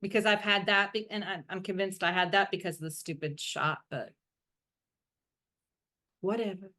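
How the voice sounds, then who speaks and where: A woman co-hosting a casual chat with a Texan accent, talking in a relaxed way and chiming in with short agreeing replies. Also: medium pitch, moderate pace. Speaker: podcast co-host.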